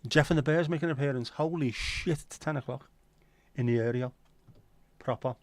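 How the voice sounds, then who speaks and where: Male stream host, mid pitch, dry close sound, loose sweary banter. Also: normal speed, a little mellow, no echo. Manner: chatty, sweary, banter-filled. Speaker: livestream host. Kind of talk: casual chat reading viewer comments.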